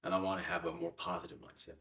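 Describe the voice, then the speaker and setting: A man's voice: low-pitched, level tone, racing, bright, forceful tone, distant mic. A young man answering interview questions in a casual, hesitant way with many fillers. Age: young adult.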